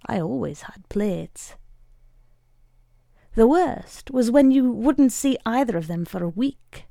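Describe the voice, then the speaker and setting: A woman reading a short story aloud in a wry, measured way. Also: on the high side, animated, creaky, warm tone, no echo, studio quality. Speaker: reader.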